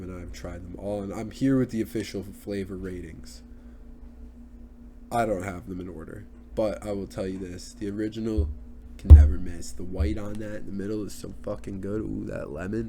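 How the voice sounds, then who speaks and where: A man's voice: low-pitched, fairly even intonation, moderate pace, background noise. A young man ranting on his solo podcast, rambling and crude, full of fillers. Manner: rambling, crude, with many fillers and put-on voices. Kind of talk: casual solo podcast rant.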